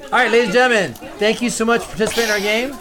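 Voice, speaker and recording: A man hosts a live podcast show, upbeat and rambling with plenty of fillers. His voice sits fairly high, and a noisy crowd is heard behind him. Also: steady tone, racing. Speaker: podcast co-host. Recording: live room with crowd noise.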